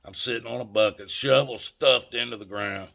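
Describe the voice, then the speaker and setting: Gravelly man telling a story. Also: mid-range voice, normal speed, sharp tone. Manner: folksy, emphatic, addresses viewers as folks. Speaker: channel host. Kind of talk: casual storytelling.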